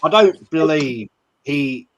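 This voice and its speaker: A man hosting a football call-in show, giving measured but blunt opinions. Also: on the high side, lively intonation. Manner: measured, blunt, dismissive of critics.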